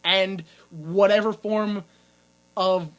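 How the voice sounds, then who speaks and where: A man co-hosting a podcast, recapping a film in casual chat, animated and laughing often. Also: high voice, slow. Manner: animated, laughs often, acts out characters' lines. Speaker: podcast co-host.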